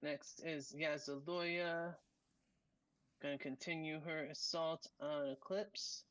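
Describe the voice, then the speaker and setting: A game master narrating a tabletop game in a halting way, with many ums and frequent laughs. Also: mid-range voice, steady tone, fairly bright tone, dull audio.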